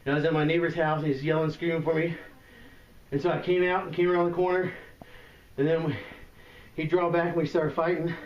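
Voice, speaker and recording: A shaken man calling emergency services, out of breath, rambling and halting as he talks. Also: fairly high pitch, little pitch movement. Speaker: 911 caller. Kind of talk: emergency phone call. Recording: muffled echoey emergency call recording, distant.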